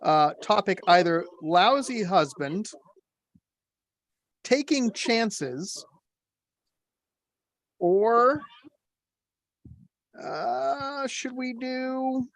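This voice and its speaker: A man's voice: very high-pitched, animated, drawn-out words, vocal fry, pauses often, a bit bright, no echo. A man from the northern United States hosting a casual podcast, wryly reading out country sayings and bantering with co-hosts. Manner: wry, reads sayings from a phrase book. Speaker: podcast host.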